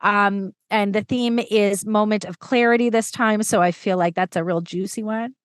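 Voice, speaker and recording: A woman storytelling coach chatting as a podcast guest, lively and enthusiastic with quick asides. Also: medium pitch, clear, resonant tone, dry recording. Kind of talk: casual conversation.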